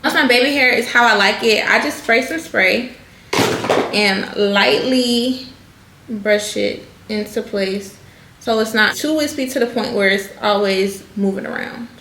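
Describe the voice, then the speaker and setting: Speaking a little slowly in a high-leaning, sharp-toned voice, a woman who vlogs about hairstyling casually guides "y'all" through a wig install on camera. Faint noise and echo fill the room.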